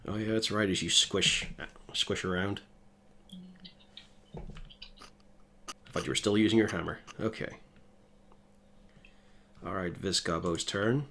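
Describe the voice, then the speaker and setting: A man running a tabletop game as game master, calling hits and describing combat in a relaxed way. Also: low-pitched, a little slow, vocal fry, long pauses, slight background noise.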